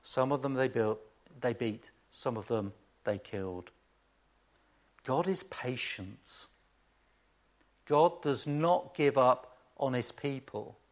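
A man preaching a sermon to a congregation, at a pitch in the middle for a man. He keeps it conversational, tossing in rhetorical questions and wry asides between points. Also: slow, pauses often.

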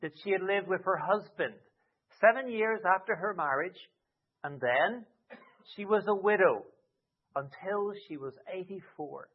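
A man preaching a sermon expressively, with dramatic rises and soft drops. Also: high voice, a little slow. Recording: tinny phone-like sound.

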